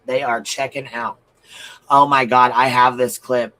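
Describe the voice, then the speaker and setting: A man's voice: medium pitch, level tone, a little slow, bright, forceful tone, low-quality recording. A man giving blunt, profane livestream commentary, reading out viewer comments and repeating his points for emphasis.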